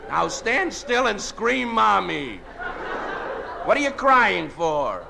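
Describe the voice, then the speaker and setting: A man's voice: high-pitched, very animated, slow pace, gravelly, crowd noise. A man doing a comic one-sided phone call, wry and teasing, with a mock-threatening edge. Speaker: comedian. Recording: hissy old record.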